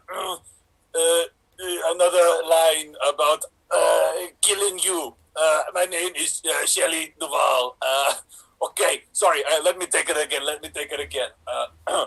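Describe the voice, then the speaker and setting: A flustered action star, as a man puts him on, stumbles through an audition, stalling and restarting. The voice is high for a man, gravelly and husky. It sounds like it comes over a radio feed. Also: a bit bright, exaggerated voice, low-quality recording. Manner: hesitant, full of "uh" fillers. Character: male action star auditioning as an actress, bumbling. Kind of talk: improv comedy scene.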